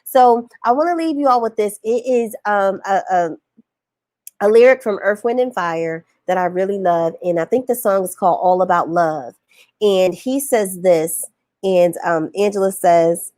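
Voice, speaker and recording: A woman's voice: medium pitch, unhurried, no room sound. A woman business coach giving a casual, preachy motivational live-stream talk, reading viewer comments and calling them y'all. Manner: animated, preachy, colloquial, calls audience y'all. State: recovering from illness, on antibiotics.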